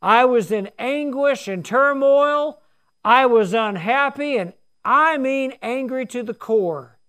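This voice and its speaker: A man's voice: very high voice, slow, a bit bright. A man in his sixties preaching a sermon, telling his story in a folksy, earnest way. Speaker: pastor.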